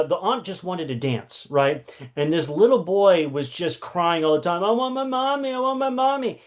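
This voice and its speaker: Man, fairly high voice, workshop teacher, conversational, storytelling, filler words. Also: darkish tone. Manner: conversational, with many fillers and acted-out quotes. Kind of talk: personal storytelling in a lesson.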